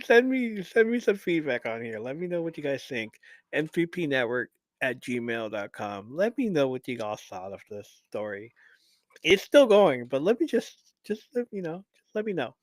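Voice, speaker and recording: A man hosting a live show, reading a listener's story aloud and stopping for lively, profane asides to the audience. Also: fairly high pitch, no echo. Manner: animated, profane, laughs often, talks straight to listeners.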